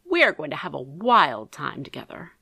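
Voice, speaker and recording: An eccentric middle-aged uncle, as a woman puts him on, theatrical and flamboyant. His voice leaps through a very wide range with a bright edge. The sound is close and dry. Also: low voice, very animated, moderate pace, gravelly, husky, no room sound, pitched below the performer's own voice, heavily acted. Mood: jovial.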